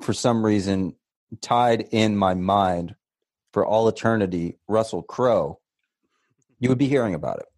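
A man's voice: on the low side, measured pace, darkish tone, dry recording, studio quality. A man co-hosting a casual podcast, rambling with restarts and casual swearing as he gives his opinions. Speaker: podcast co-host. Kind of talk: casual chat.

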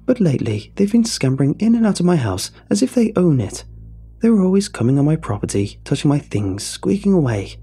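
A squawking, shrewd old woman with a rambling, snappish manner, as a male storyteller puts her on. The voice sits high and lively above a low, gravelly base, and soft music plays behind. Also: brisk, heavily acted.

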